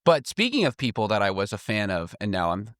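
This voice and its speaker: A man's voice: on the low side, wildly swooping pitch, fairly quick, a bit bright, no room sound, clean studio sound. A man co-hosting a casual political podcast, chatty and self-deprecating, laughing often. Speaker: podcast co-host.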